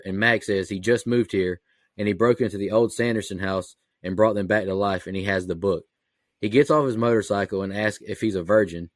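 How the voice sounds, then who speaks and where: Podcast co-host, male, low register, dry close mic, steady recap read. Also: no room sound. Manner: steady, matter-of-fact summarizing. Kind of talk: reading a scene-by-scene plot recap.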